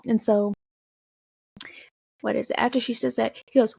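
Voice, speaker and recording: Chatty young woman with vocal fry. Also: fairly high pitch, fairly quick, pauses often, no room sound. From Tacoma area, USA. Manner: animated, swearing, acts out quotes. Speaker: vlogger. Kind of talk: casual storytime.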